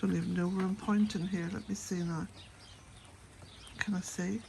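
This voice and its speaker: A woman's voice: on the low side, steady tone, normal speed, vocal fry, background noise. Irish woman, own voice, gardening vlog, chatty and laughing, slightly breathless outdoors. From west of Ireland. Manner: chatty, rambling, laughs often. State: a bit out of breath. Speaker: cottage gardening vlogger. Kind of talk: casual chat to camera. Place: outdoors at a cottage garden and shed.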